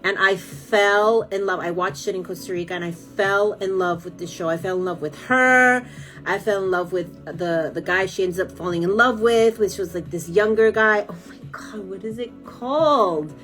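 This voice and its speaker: A woman's voice: mid-range voice, normal speed, a bit bright, soft background music. A woman from California, chatting casually on a live stream, rambling and gushing with lots of fillers as she answers viewer comments.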